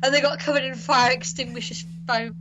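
A woman's voice: sits high, steady tone, a little fast, muffled recording, background noise. A woman co-hosting a casual podcast, cheerful and giggly. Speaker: podcast co-host. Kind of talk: casual chat.

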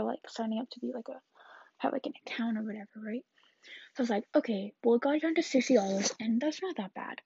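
A woman's voice: a little high, creaky, darkish tone, breathy edge, dry recording, muffled recording. An eighteen-year-old woman chatting through a rambling vlog story, often dropping into whispered asides. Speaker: vlogger.

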